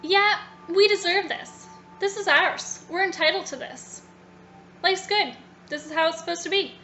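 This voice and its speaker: A woman's voice: extremely high pitch, unhurried, pushed and bright, soft background music, full character voice. A woman doing Hem, whiny stubborn little man. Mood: smug. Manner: insistent, whiny complaining. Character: stubborn entitled little man, afraid of change.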